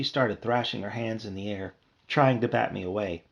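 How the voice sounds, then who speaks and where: A man's voice: fairly low pitch, moderate pace, creaky, highs cut off. A man reading a children's horror book aloud, narrating expressively. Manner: expressive storytelling. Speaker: reader.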